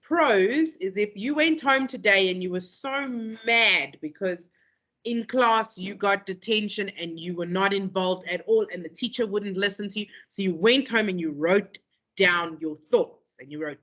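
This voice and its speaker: Bright-voiced woman teaching a class. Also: medium pitch, normal speed. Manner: animated, repeats phrases for emphasis. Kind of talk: classroom lesson.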